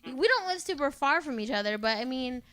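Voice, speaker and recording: A young adult woman in casual podcast chat, telling a story in an animated way with many "like"s. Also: high-pitched, fairly quick, smooth.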